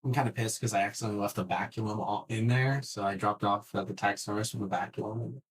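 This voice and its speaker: A man on a casual podcast, telling a story in an animated way, swearing freely and often restarting his sentences. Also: fairly low pitch, fast talker.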